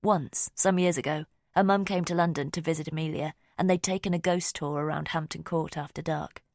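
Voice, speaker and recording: A woman narrating a mystery audiobook in a measured, even way. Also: sits low, dry recording, studio quality.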